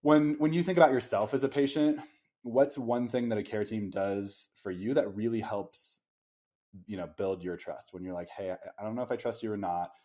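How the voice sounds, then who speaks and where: A man's voice: lowish voice, fairly even intonation, moderate pace, warm tone. A man hosting a podcast interview, asking reflective, encouraging questions with frequent fillers. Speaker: podcast host. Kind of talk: casual conversational interview.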